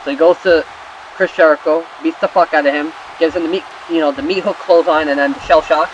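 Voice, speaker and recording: A young man casually recapping wrestling results while playing a game, rambling and swearing with excitable asides. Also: fairly high pitch, fast, dull audio, a little hiss or hum. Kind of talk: casual recap over gameplay.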